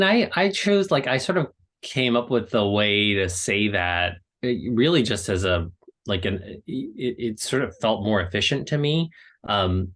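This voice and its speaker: Very low-voiced man answering casually. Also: a bit bright. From United States. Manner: rambling, heavy use of "like", quick laughs. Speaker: guest author. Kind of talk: casual answers to a book club. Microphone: video call.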